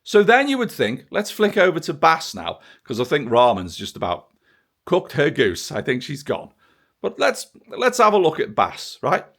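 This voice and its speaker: A man's voice: on the high side, wildly swooping pitch, normal speed, a bit bright. A British man in a profane, sarcastic political rant, filming himself and talking straight to the camera. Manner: angry, sweary, sarcastic ranting. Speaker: vlogger. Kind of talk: ranting political monologue to camera.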